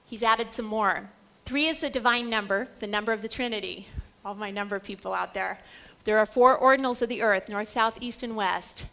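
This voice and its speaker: A woman Bible teacher giving an animated lecture, swinging between loud exclaiming and hushed whispers. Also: medium pitch, moderate pace.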